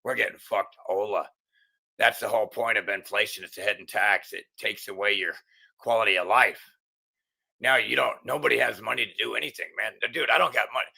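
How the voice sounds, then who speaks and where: A man's voice: fairly low pitch, a little fast, gravelly, pushed and bright, husky. A middle-aged man hosting his own channel, ranting angrily in a profane, agitated monologue full of stumbling restarts. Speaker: channel host.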